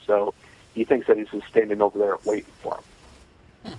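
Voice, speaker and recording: A man's voice: on the low side, little pitch movement, fairly quick, long pauses, slightly rough, no echo, highs cut off. A man telling a personal story in a casual, matter-of-fact way, with many "you know" fillers.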